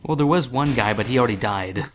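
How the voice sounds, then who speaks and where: A man's voice: mid-range voice, lively intonation, quick pace, slight background noise. A young man chatting about a video game in an easygoing, matter-of-fact way. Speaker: let's play co-commentator. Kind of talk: casual gaming commentary.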